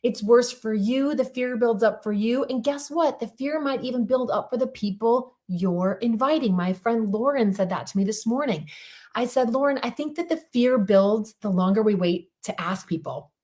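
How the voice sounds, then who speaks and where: On a group call, a middle-aged female coach delivers a lively motivational talk, weaving in stories and hammering her points home through repetition. Her voice is fairly high and she speaks at a moderate pace.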